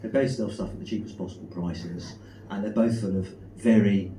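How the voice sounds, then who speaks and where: A middle-aged man with a South London accent, doing a stand-up comedy set. He is deadpan and self-deprecating, with lots of ums and uhs. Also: fairly low pitch, normal speed. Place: comedy club stage with live audience. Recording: echoey room, mic far off, noisy.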